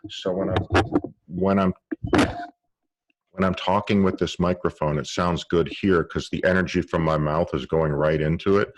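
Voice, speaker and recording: A man teaching an online film class, explaining with live demonstrations and halting restarts, speaking into a directional microphone. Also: deep voice, fairly even intonation, lo-fi sound. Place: room with a cluttered table.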